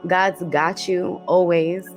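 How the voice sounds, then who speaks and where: A woman hosting a dream interpretation show, speaking gently and emotionally, slowly repeating comforting affirmations. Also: fairly low pitch, flat delivery, faint music behind. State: emotional, teary. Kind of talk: warm encouraging talk show chat.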